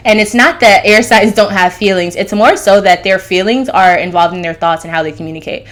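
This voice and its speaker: A woman's voice: medium pitch, fairly even intonation, brisk, fairly bright tone. A woman hosting her own astrology channel, talking casually and loosely, jumping between thoughts. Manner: loose, rambling, fillers and restarts. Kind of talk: casual monologue.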